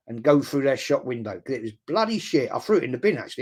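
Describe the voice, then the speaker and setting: An older man hosts a casual livestream, reading viewer comments and rambling bluntly with casual swearing and repeated words for emphasis. His medium-pitched voice is sing-song, fast, slightly mellow and husky.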